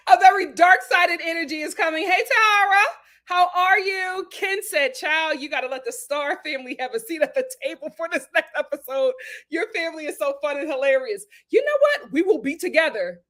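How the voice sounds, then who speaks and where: A woman's voice: sits high, expressive, moderate pace, a bit bright. A young woman hosting a live stream, chatting casually and animatedly with her viewers and laughing often. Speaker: host of a live show review stream.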